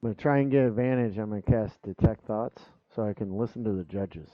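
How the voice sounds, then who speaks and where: A man's voice: on the low side, fast talker, no room sound. Man on a tinny call line. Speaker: player. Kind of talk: casual chat over a game. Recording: tinny phone-like line with faint music.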